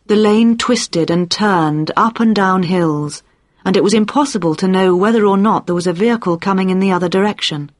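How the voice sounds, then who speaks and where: A narrator reading a crime story aloud in a steady, even storytelling manner. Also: medium pitch, normal speed, no echo, clean studio sound. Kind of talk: audiobook narration.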